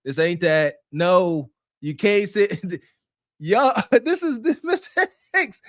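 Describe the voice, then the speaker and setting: A man's voice: sits high, lively intonation, slow, dry recording, clean studio sound. A man co-hosting a podcast in casual commentary, preachy and emphatic, laughing often. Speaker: podcast co-host.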